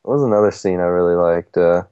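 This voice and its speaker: A man's voice: sits low, steady tone, warm tone, clean tone, no echo. A man co-hosting a podcast, chatting casually about movies, agreeing often and laughing easily. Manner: agreeable, quick laughs, frequent "yeah". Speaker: podcast co-host. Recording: dry, dull lo-fi mic.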